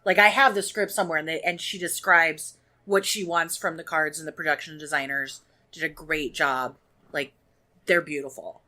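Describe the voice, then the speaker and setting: Bright-voiced woman chatting on a podcast. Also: low-pitched, fairly even intonation. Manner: chatty, quick asides and laughs. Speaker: podcast co-host. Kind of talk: casual chat.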